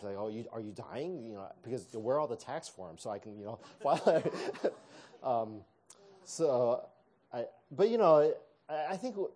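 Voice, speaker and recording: A man's voice: medium pitch, dark tone. A middle-aged man telling a personal story in a sermon, conversational with self-deprecating humor and frequent restarts.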